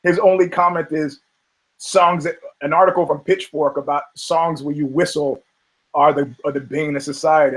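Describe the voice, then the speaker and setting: Male podcast host, slightly high, chatty and profane, laughs constantly. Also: fairly even intonation, moderate pace, a bit bright, poor audio. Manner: rambling, profane, laughs often between phrases. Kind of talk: casual podcast banter about fighting.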